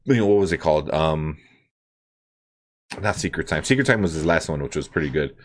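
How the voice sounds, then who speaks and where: A man's voice: very deep voice, fairly quick. A man hosting a podcast, chatting casually about comedy specials, laughing often and filling his talk with "like" and "you know". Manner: animated, laughs often, many fillers. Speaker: podcast host. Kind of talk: casual chat.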